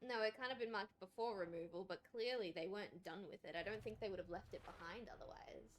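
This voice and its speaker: A woman's voice: mid-range voice, fast, a little hiss or hum. A woman streamer chatting to her viewers while playing a video game, giving casual commentary.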